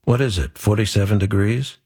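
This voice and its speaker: A man voicing a bored woman making flat, deadpan small talk in a waiting room, in a radio ad. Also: on the low side, fairly quick, husky.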